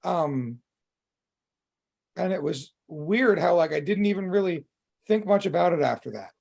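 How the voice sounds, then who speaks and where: A man with a high, husky voice and a gravelly edge, speaking candidly as a podcast co-host. He talks openly about his feelings, swearing freely and stringing thoughts together with plenty of "um" and "like.". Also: expressive, a little slow, a little mellow. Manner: open and emotional, swears freely, many fillers. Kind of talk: candid casual chat.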